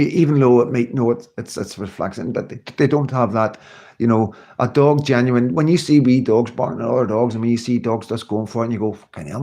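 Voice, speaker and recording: A middle-aged Scottish man with a medium-pitched, darkish voice hosts his own livestream. He chats casually, reads out viewer comments, laughs often, and fills his talk with fillers and rambling asides.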